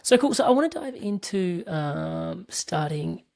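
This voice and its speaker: A woman's voice: on the low side, expressive, unhurried, creaky, a little mellow. An Australian woman hosting a podcast interview, enthusiastic and loose with fillers, on a remote call. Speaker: podcast host. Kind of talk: casual interview.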